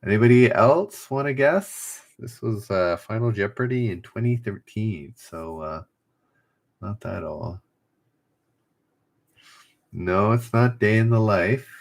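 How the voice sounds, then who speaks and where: A man's voice: fairly low pitch, expressive, takes it slowly, gravelly, long pauses. A man hosting a casual trivia livestream, reading each clue twice and joking with the chat. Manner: chatty, reads clues twice, jokes with chat.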